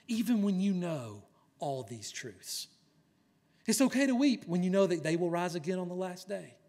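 A male pastor delivers a sermon with a raised, fairly high voice. He speaks slowly and earnestly. His volume swings from near-hushed passages to loud, emphatic lines.

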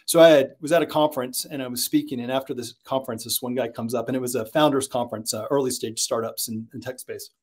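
A man who consults on sales, a guest in an interview, telling stories with lots of energy and getting louder and higher when excited. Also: fast talker, few pauses. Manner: energetic storyteller, gets loud and high when excited. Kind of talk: podcast interview, storytelling.

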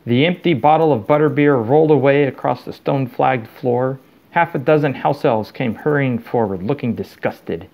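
A man reading a storybook chapter aloud to his child in a steady, plain way. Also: mid-range voice, normal speed, phone-quality sound.

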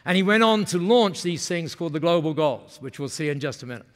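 A man's voice: fairly high pitch, lively intonation, fairly quick. A man giving an enthusiastic storytelling keynote at a business forum, asking the audience questions, recorded in a large conference hall. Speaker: keynote speaker. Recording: long hall reverb.

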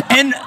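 A man hosting a live paranormal show on stage, telling a story in an animated, excitable way and laughing often. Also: very high voice, noisy background. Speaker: paranormal investigator podcast host.

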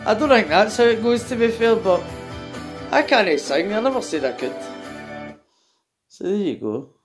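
A woman's voice: mid-range voice, lively intonation, normal speed. A Scottish woman singing karaoke on her couch at home and chatting bluntly between verses, swearing and mocking herself. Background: karaoke backing music.

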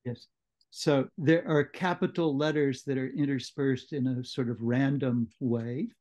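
Slow, measured man leading a book discussion. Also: mid-range voice, fairly even intonation, a little mellow. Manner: measured, explanatory, with occasional restarts. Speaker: book club discussion leader. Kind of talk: literary lecture. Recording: muffled lo-fi audio.

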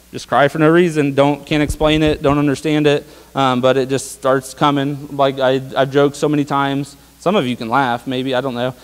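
A man's voice: mid-range voice, smooth. A young man preaching a casual sermon, talking conversationally with lots of fillers and tag questions. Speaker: pastor. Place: church sanctuary. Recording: long hall reverb.

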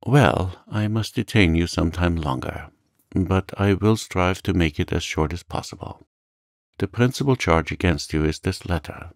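A man's voice: low-pitched, normal speed, dry recording, clean studio sound. A man doing a curt, stern magistrate. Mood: stern, uneasy. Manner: curt, commanding. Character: stern male magistrate, proud and shaken. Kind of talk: calm audiobook reading.

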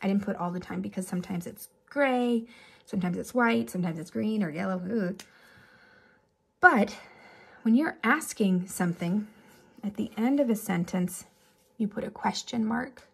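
Gravelly, husky woman teaching kids. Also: medium pitch, normal speed. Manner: chatty, animated examples, asides. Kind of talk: remote lesson for children.

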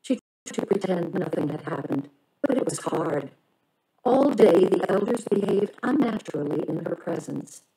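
A woman reading a children's novel aloud in a measured, expressive storytelling manner. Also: on the low side, poor audio. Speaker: reader.

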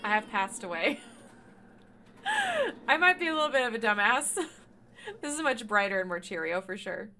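Bright, lively woman streamer swearing. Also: on the high side, normal speed, long pauses, a little hiss or hum. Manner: swearing, laughing and shrieking in surprise. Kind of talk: casual gameplay commentary.

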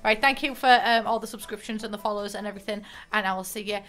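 A woman's voice: medium pitch, fairly even intonation, fast talker. A woman streamer chatting casually at the end of a stream, tearful and emotional, rambling and poking fun at herself. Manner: chatty, self-mocking, rambling with restarts. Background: soft game music.

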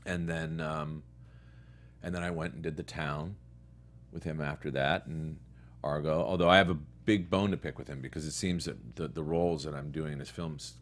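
Very deep-voiced man telling stories. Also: normal speed. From New York and Connecticut. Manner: relaxed storyteller, quoting others in his own voice. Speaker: actor guest. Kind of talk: casual interview chat.

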